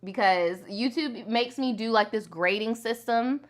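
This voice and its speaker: A woman hosting a storytime channel, reading and reacting in casual, animated, profane commentary. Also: fairly high pitch, a little slow.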